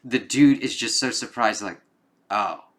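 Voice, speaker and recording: A man's voice: on the low side, unhurried, bright, forceful tone. A man giving a casual spoken film review, rambling with lots of "like"s and frequent swearing.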